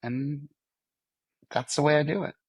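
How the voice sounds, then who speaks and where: A man's voice: fairly high pitch, measured pace, husky, no room sound, clean studio sound. Wry American man podcast co-host. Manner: wry, self-deprecating banter. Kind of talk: casual podcast chat.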